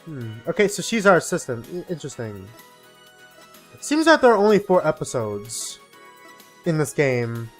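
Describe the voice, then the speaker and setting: A male gaming streamer talks casually over his game, rambling and musing with a lively, up-and-down pitch. Soft game music plays faintly behind him. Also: normal speed, long pauses. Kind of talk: casual live gameplay commentary.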